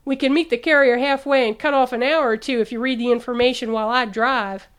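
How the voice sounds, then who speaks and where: A woman's voice: a little high, fairly even intonation, brisk, clean tone, natural voice. Woman narrator doing a young corporal, hasty, eager, audiobook.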